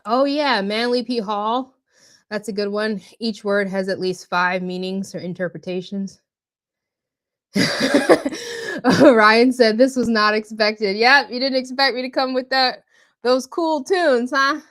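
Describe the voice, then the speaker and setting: A woman's voice: on the high side, steady tone, unhurried. A woman hosting a live stream, out of breath and laughing as she reads viewer comments aloud and answers them by name. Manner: chatty, laughs often, warmly addresses chatters by name. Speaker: livestream host.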